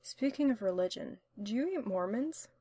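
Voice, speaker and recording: A woman voicing a sardonic, teasing young man in a spoken story reading, with wry, quick banter. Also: on the high side, lively intonation, warm tone, husky, no echo. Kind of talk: audiobook-style story reading.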